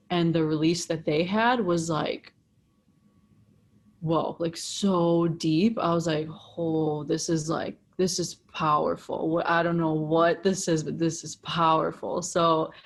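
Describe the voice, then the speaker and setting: Young woman, low register, candid and animated storyteller, casual podcast chat. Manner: animated, swears freely, heavy use of "like". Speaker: breathwork facilitator, podcast guest.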